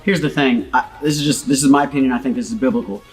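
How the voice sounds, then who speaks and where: Fast-talking joking man, distant and roomy. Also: medium pitch, faint music behind. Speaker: co-host pastor. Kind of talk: casual church talk show. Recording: distant, reverberant room.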